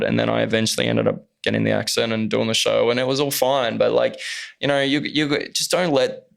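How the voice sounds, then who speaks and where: A man's voice: mid-range voice, level tone, fairly quick, creaky, fairly bright tone, clear, resonant tone. A man, an actor speaking as a podcast guest, talking earnestly and openly in casual conversation with plenty of fillers. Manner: earnest and open, many fillers.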